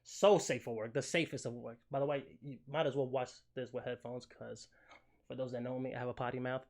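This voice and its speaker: A young man hosting a casual gaming podcast, animated and joking, swearing freely and full of fillers. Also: mid-range voice, a little fast. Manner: animated, joking, swears a lot, fillers like "you know what I'm saying". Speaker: podcast host. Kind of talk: casual chat.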